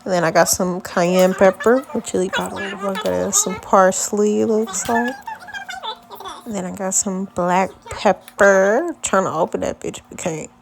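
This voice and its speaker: A woman's voice: mid-range voice, fairly even intonation, unhurried, vocal fry, slight background noise. A woman, casually narrating her home cooking in laid-back, profane slang. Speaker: home cook vlogger. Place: home kitchen.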